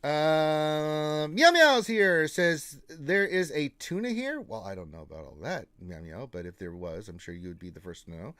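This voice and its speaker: A man co-hosting a casual live gaming stream, reading out viewer greetings and teasing them with flat refusals. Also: a little high, normal speed, few pauses, dry recording, studio quality.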